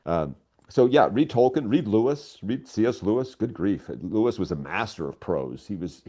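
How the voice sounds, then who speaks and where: A man's voice: on the low side, normal speed. An older man speaking as a guest writer in a casual interview, telling stories with enthusiasm. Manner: enthusiastic, animated storytelling.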